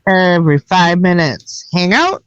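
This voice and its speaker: A woman's voice: fairly low pitch, sing-song, a little slow, smooth, no room sound. A woman co-hosting a casual live stream, teasing people, swearing and breaking into laughter. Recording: dry, slightly muffled lo-fi audio.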